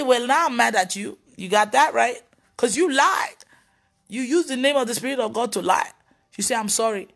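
A woman pastor preaching on a live video, telling stories and scolding with emphatic exclamations. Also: high voice. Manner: animated storytelling, mimicking others' voices.

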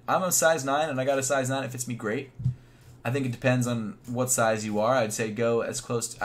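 A young man chatting casually on a live stream, thinking out loud in a laid-back way with plenty of fillers. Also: mid-range voice, slight background noise. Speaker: sneaker YouTuber live streaming.

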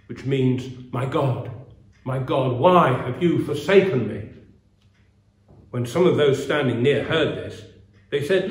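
Guy preaching in a church, slow earnest sermon, kinda echoey room. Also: medium pitch. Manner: measured, earnest delivery with pauses. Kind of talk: sermon with scripture reading. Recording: roomy echo.

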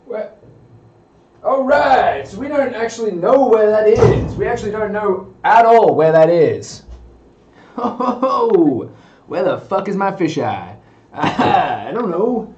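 A man's voice: sits high, expressive, slow, darkish tone, lo-fi sound, a little hiss or hum. A man streaming to his viewers in goofy, hyped chatter through a cheap webcam mic, swearing, laughing and whooping.

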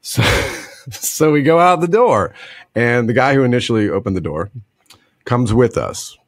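Lively storytelling man with a dry sound. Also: medium pitch, a little slow, no echo. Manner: animated, laughing often, acting out others in a put-on drawl. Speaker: podcast co-host telling a story. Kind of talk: casual storytelling chat.

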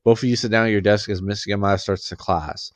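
A man's voice: fairly low pitch, fairly even intonation, quick pace, no echo. A man reading a fan fiction story aloud in an unpolished way, often restarting lines. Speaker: story reader.

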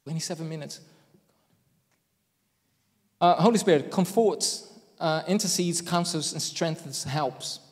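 Recorded with long reverb in a church hall, a man gives a conversational sermon, phrasing things deliberately and emphatically and adding self-deprecating asides. His pitch is fairly high.

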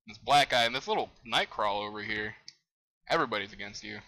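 Young man, let's play commentary, very bright voice, excitable outbursts. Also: on the low side, fast talker, rough recording. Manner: excitable, exclaims and laughs at the game. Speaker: gamer.

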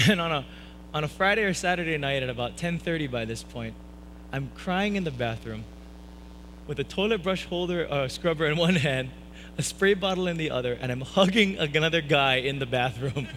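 A young man preaches from a church stage, recorded for a live stream, and tells a personal story with lively, animated delivery. His voice is bright and forceful and sits a little high for a man. A faint hum runs under the recording. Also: moderate pace, poor audio. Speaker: pastor.

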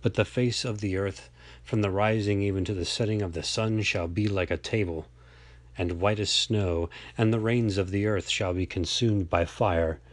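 A man reading an old religious text aloud in a slow, measured, solemn way, now and then stumbling over a word. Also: fairly low pitch, steady tone, no echo. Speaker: reader.

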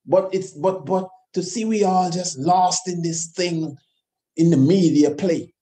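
High mellow man preaching emphatically. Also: unhurried. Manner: emphatic, repetitive, rhetorical questions. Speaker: host of his own channel. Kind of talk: impassioned monologue.

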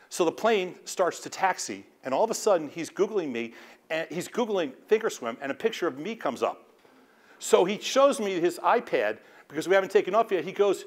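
A man with a slightly higher voice tells a story on stage as the host. He is animated, acting out each quoted line as he goes. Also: a little fast. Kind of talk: anecdote told on stage.

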